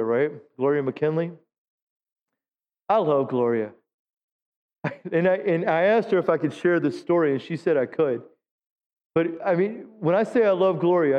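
A male pastor giving a sermon in a church, talking with the congregation and asking them questions. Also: high voice. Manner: conversational preaching, asks the congregation questions. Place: church sanctuary. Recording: dull lo-fi sound with long hall reverb.

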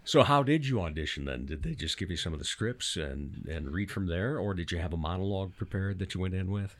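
A man hosting an interview show, asking questions in a halting way with lots of fillers, often laughing. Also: sits low, lively intonation. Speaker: radio show host. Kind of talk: casual interview.

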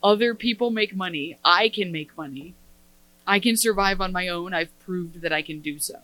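A woman co-hosting a podcast in casual chat, sarcastic and expressive. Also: fairly low pitch, moderate pace, low-quality recording. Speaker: podcast co-host.

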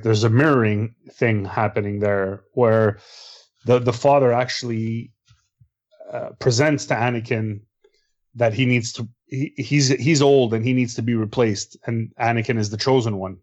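A man's voice: medium pitch, fairly even intonation, normal speed, darkish tone. A man talks casually, stopping and restarting and repeating words while he thinks. His voice comes through a dull, lo-fi recording. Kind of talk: casual discussion.

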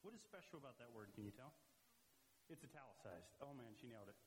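A young man preaching a lively, joking youth sermon, quizzing the young people in front of him. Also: mid-range voice, fast. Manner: energetic, joking with the audience, asks questions. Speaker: youth pastor. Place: church youth room, in front of a group. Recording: roomy hall with faint hiss.

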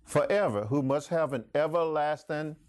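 A man's voice: on the high side, moderate pace, darkish tone, slight background noise. A middle-aged man teaching a Bible class in a folksy sermon style, asking the class questions. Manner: folksy, laughs often, asks the class questions.

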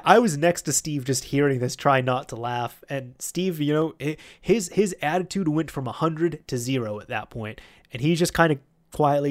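A man hosting a podcast, telling a rambling story about an old job in a casual, chatty way and getting animated when he quotes other people. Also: mid-range voice. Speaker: podcast host.

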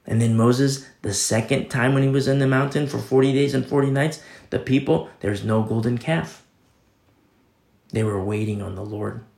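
A man delivering a sermon in a relaxed, conversational way, slipping into quick voices for the people he quotes. His voice has a gravelly, creaky texture. The room around him is echoey. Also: mid-range voice. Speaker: pastor.

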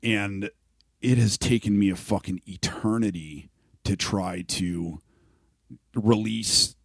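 A man's voice: on the low side, fairly even intonation, slow pace, no echo, studio quality. A middle-aged man from Saskatchewan, talking casually and candidly as a podcast host, swearing often and restarting his sentences. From Saskatchewan, Canada. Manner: profane, rambling, many restarts.

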